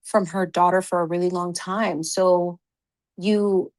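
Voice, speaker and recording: A woman's voice: lowish voice, steady tone, unhurried. A woman hosting a casual livestream chat, greeting viewers effusively and then talking earnestly from the heart. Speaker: livestream host.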